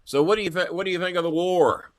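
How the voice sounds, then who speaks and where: A man hosting a talk show, telling profane political stories in a lively, animated way. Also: high voice, quick pace, no room sound, studio quality. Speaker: show host. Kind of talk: casual political chat. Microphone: earpiece headset.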